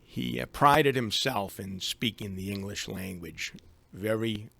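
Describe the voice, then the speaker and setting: Boston man, low and gravelly, halting radio guest. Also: pushed and bright, dry recording. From Boston, USA. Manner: hesitant, many fillers and restarts. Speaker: guest, attorney. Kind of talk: radio interview. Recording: live AM radio studio.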